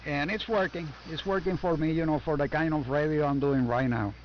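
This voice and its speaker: An older man from Puerto Rico with a Puerto Rican Spanish accent, chatting on ham radio from his basement in a friendly, halting way, full of "uh" and "you know". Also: on the high side. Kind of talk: casual on-air radio chat. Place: home basement. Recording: muffled amateur radio audio, faint static.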